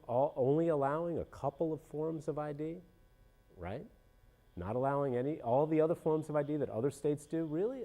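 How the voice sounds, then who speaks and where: Animated, rambling man with a mellow voice. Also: fairly high pitch, creaky. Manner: rambling, animated, self-interrupting with many restarts. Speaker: podcast host. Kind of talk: casual political commentary.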